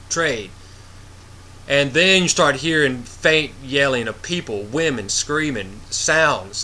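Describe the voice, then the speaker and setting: A man talks through a movie review in loose, rambling fashion, retelling the plot with plenty of animation and blunt asides. His voice is bright and pushy. A faint hiss of noise sits behind him. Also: mid-range voice. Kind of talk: casual spoiler review.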